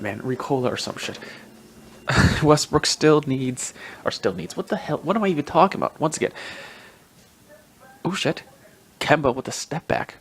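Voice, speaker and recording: A man's voice: mid-range voice, fairly bright tone, a little hiss or hum. A man hosting a solo sports podcast, rambling in a profane, self-mocking way and laughing often. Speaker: podcast host. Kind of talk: casual solo sports commentary.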